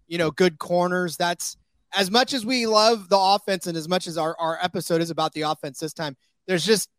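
A man's voice: high voice, a bit bright, no room sound. A man hosting a sports betting podcast in a casual, joking way, with lots of fillers. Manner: chatty, jokey, many fillers. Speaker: podcast host.

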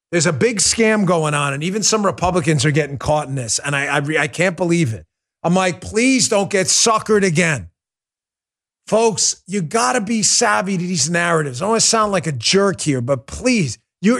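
High-voiced sarcastic male talk show host. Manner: sarcastic, mocking, speaks to live chat. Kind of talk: animated political commentary.

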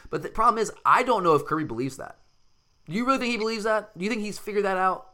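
A man's voice: high-pitched, fast, pushed and bright. A man hosting a casual sports talk show, talking animatedly and emphatically, often restarting his sentences. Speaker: sports podcast host.

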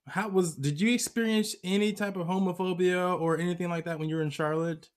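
A man hosts a sports podcast in a relaxed, talkative way. His voice sits a touch higher than most men's, and he often breaks into laughter as he chats with his guest. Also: a little fast. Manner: lively, chatty, laughs often. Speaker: podcast host. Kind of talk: casual interview chat. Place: US West Coast.

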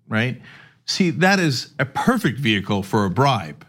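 A man's voice: mid-range voice, very animated, a little slow, fairly bright tone. A male podcast host in casual political chat, explaining at length with sarcastic asides. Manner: explanatory, sarcastic, acts out quoted speech.

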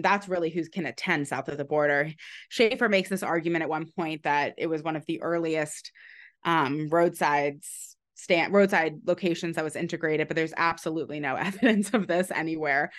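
Talking about her book on an unscripted podcast, this historian and author often restarts and leans on fillers as she explains. Her voice is fairly low, and light laughs pop up from time to time.

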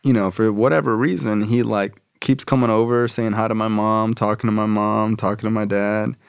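A man's voice: lowish voice, fairly even intonation, moderate pace, creaky, clean tone, no echo, clean studio sound. A man telling a story casually, loose and profane, full of slang fillers.

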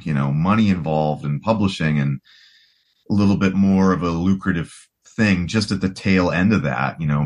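A man in his forties from the United States, a guest rock guitarist talking in a rambling, casual way full of "you know" and restarts. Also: low voice. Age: 40s. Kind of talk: casual podcast conversation.

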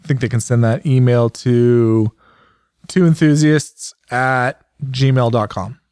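A man's voice: mid-range voice, slow, smooth, dry recording, clean studio sound. A man co-hosting a podcast, joking around in casual banter and laughing often. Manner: jokey, laughs often, animated. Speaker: podcast co-host.

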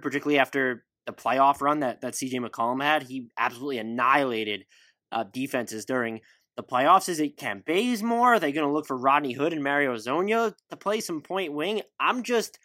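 A man hosting a casual sports podcast, talking in an animated way and firing off questions. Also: a little high, no room sound. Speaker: podcast host.

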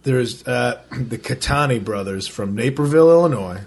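Brief: male podcast co-host, mid-pitched, loose and profane, acts out quotes in his anecdotes. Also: normal speed, gravelly, breathy edge. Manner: animated storyteller who acts out other people's lines. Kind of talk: casual chat.

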